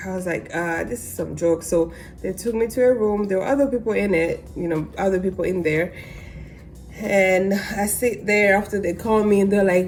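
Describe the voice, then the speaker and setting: A woman's voice: medium pitch, moderate pace. Young woman from Africa telling a story. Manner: animated, acts out voices in quotes. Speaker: mukbang vlogger. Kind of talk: casual storytelling while eating.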